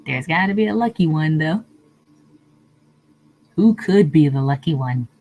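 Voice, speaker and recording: A woman's voice: sits low, lively intonation, unhurried, warm tone. A woman streamer chatting casually with her viewers, answering comments and laughing often. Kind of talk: casual live-stream chat.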